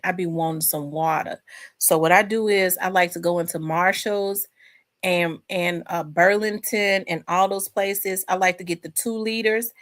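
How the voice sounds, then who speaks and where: A woman's voice: on the low side, a bit bright. A woman hosting a casual live chat from home, rambling and talking to her viewers. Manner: chatty, rambling, addresses viewers as y'all. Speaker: host.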